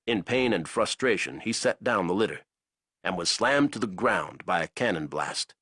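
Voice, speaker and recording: A man narrating an action audiobook in a dramatic, expressive way. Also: low voice, moderate pace, slightly rough, no echo, clean studio sound.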